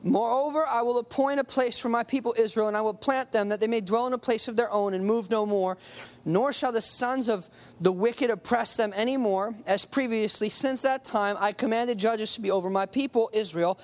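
A preacher reading scripture aloud and explaining it in a casual, conversational way, slowing down to stress key words. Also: mid-range voice. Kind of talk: sermon with Bible reading.

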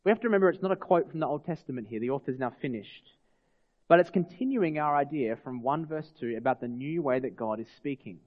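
A man's voice: a little high, expressive, fast. A man preaches in a slightly raised voice, earnest and questioning his listeners. His words ring out with a long reverb in a church hall. The recording sounds a little dull and lo-fi. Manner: earnest, asks the congregation rhetorical questions. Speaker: pastor. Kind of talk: sermon.

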